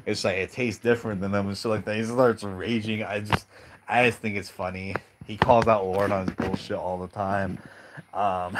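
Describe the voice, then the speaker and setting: A man's voice: lowish voice, steady tone, moderate pace, noisy background. A young man giving casual, crude commentary on characters, laughing often and acting out quotes. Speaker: video commentator.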